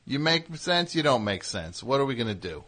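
A man's voice: medium pitch, big pitch swings, normal speed, sharp tone. Teasing, rambling male radio host. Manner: teasing, riffing in long rambling runs. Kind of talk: call-in comedy banter.

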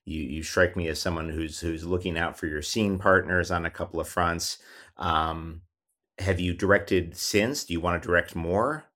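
A man interviewing a guest, asking gentle questions with stammering restarts. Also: low-pitched, steady tone, normal speed.

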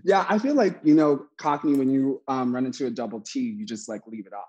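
A man co-hosting a casual chat, bantering quickly, laughing often and tossing in playful asides. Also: mid-range voice, warm tone, breathy edge, lo-fi sound.

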